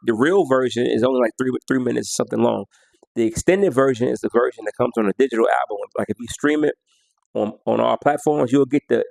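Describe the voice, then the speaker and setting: A man's voice: mid-range voice, gravelly, darkish tone, no echo. A man counting down his favorite songs in a casual, slangy way, half-singing lyrics and beats as he goes. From United States. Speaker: music vlogger.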